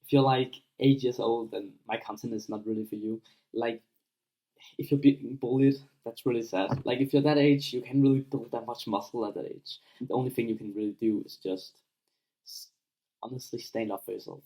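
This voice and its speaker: A man's voice: mid-range voice, fairly even intonation, moderate pace, mellow, poor audio. A young man giving blunt, unscripted advice to viewers, full of swearing and fillers, acting out little scenes as he talks. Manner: blunt, profane, filler-heavy, acts out scenes. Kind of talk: casual unscripted advice monologue.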